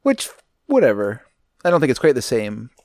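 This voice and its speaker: A man's voice: medium pitch, wildly swooping pitch, normal speed, darkish tone, dry recording. A man co-hosting a movie review podcast, chatting in an easygoing, rambling way and laughing often. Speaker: podcast co-host. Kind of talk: casual movie review chat.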